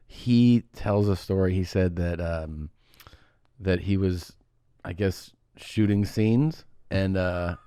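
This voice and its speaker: A man co-hosting a casual podcast, telling stories with animated bursts of high laughter. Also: slow pace, smooth, dry recording, studio quality. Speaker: podcast co-host.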